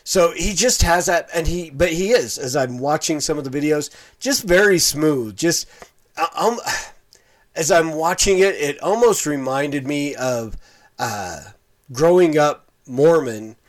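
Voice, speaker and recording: A man's voice: on the high side, unhurried. Rambling middle-aged male commentator. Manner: rambling, full of fillers and restarts. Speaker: online commentator on preachers. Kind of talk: casual video commentary.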